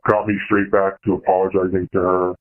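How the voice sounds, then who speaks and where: A young man speaks over a tinny phone line, his voice deep and held to a narrow, even pitch. He is confiding a hard personal experience as a caller. His delivery is halting, full of fillers and false starts. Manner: halting, hesitant, many fillers and restarts. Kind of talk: personal confession on a call-in show.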